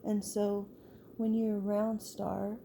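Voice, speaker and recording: A woman's voice: mid-range voice, flat delivery, takes it slowly, gravelly, warm tone, slight background noise. A woman telling a story in a loose, chatty way, full of "like" and restarts. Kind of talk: casual spoken storytelling.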